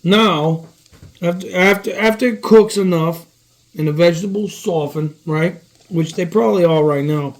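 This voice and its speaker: A man's voice: high voice, moderate pace, a little mellow. Joking, profane man cooking at home. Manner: loose, joking and profane, talks to viewers. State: eyes watering from onions. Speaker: home cooking show host. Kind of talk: casual cooking chat. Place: home kitchen. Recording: echoey room, from far off.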